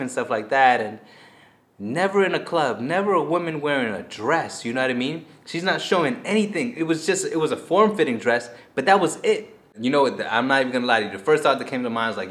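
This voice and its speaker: A man telling a personal story to his viewers in a casual, animated way, acting out his own past reactions. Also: mid-range voice, fast talker.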